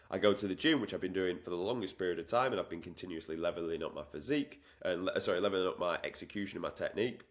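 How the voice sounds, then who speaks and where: A man's voice: low voice, very fast, hardly any pauses. A man coaching on fitness in an emphatic, repetitive way, acting out the voices in people's heads. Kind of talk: motivational talk to camera.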